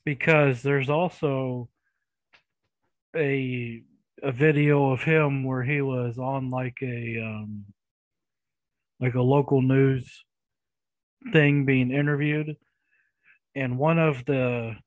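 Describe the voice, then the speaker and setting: A man's voice: medium pitch, steady tone, slow, pauses often, no echo, muffled recording. A man co-hosting a casual movie podcast, telling anecdotes in an easygoing way. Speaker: podcast co-host. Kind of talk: casual chat about movies.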